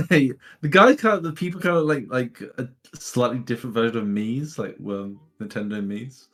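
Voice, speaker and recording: A man co-hosting a casual gaming podcast, speaking softly and often trailing off. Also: medium pitch, moderate pace. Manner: soft-spoken, trailing off, laughs often. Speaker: podcast co-host. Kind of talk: casual chat about game demos.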